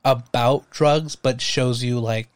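Man, podcast co-host, casual movie talk, rambling with fillers, mid-pitched, dry sound. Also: steady tone, takes it slowly, clean tone, no room sound. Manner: rambling, lots of fillers and restarts.

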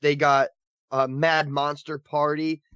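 A man co-hosting a casual podcast, talking with excitable enthusiasm and laughing often. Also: a little high, takes it slowly, smooth, dry recording, lo-fi sound. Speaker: podcast co-host covering horror collectibles.

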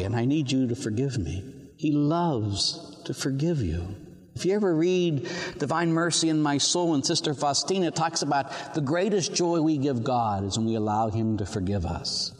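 A male priest gives an animated sermon in a mid-range voice, slipping into the voices of the people in his stories as he tells them. His words carry a long reverb, as though he is speaking in a large church. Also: medium pitch. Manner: animated storytelling, acting out quoted voices. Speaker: Catholic priest.

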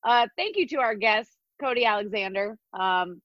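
A woman co-hosting a sports podcast, reading thank-yous and the sign-off in an upbeat, brisk way. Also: a little high, expressive, dry recording, muffled recording. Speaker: podcast co-host.

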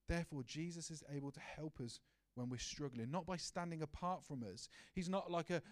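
A man delivering a heartfelt sermon, his voice sitting a little higher than most men's. He speaks earnestly and personally and sometimes sinks into a hushed tone. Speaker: preacher.

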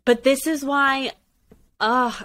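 A woman's voice: high-pitched, steady tone, takes it slowly, a bit bright. A woman co-hosting a casual chat about a dating show, talking emphatically and firing off rhetorical questions. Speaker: podcast co-host.

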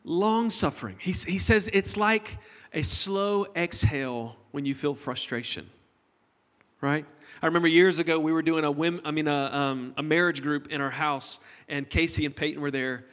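A man's voice: on the high side, moderate pace, a bit bright. A middle-aged man preaching a conversational sermon to his congregation, joking with them as he goes. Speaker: pastor. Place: church hall. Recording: long hall reverb.

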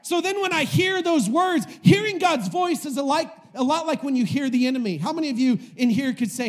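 A man preaching a sermon to a live audience, impassioned, swinging between shouting and hushed tones, with many rhetorical questions. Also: very high-pitched, lively intonation, fairly quick, hardly any pauses.

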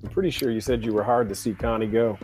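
A man's voice: fairly low pitch, fairly even intonation, fast, a little mellow, soft background music. A man co-hosting a casual comedy podcast, teasing his friend and reading rhyming bits aloud. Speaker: podcast co-host.

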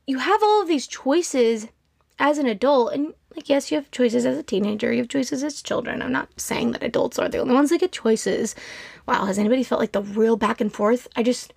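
Brief: woman in her twenties, podcast host, emphatic pep-talk delivery, brightish voice, dead-dry booth sound. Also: on the high side, gravelly, slightly rough, dry recording. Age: 20s. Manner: earnest and emphatic, with quick rants and acted-out quotes. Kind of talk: motivational solo podcast talk.

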